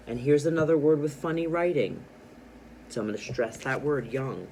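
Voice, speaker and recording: A man's voice: medium pitch, normal speed, slight background noise, low-quality recording. A man teaching a reading lesson to young children, asking them questions and explaining clues. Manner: animated, speaks directly to young learners with questions.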